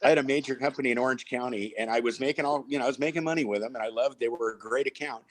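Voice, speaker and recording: An older man chatting in a loose, story-driven way, circling back with plenty of fillers and restarts. His voice sits at an ordinary pitch for a man. The sound is close and dry, with little room around it. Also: very fast, no room sound, low-quality recording. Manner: rambling anecdotes with many fillers and restarts. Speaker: guest auctioneer. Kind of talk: casual storytelling chat.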